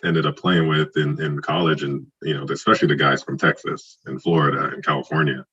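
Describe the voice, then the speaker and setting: A man in his forties from Trinidad, telling stories in a casual podcast interview, animated and acting out quoted dialogue. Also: very deep voice, a little fast, breathy edge, lo-fi sound. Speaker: guest, former football player.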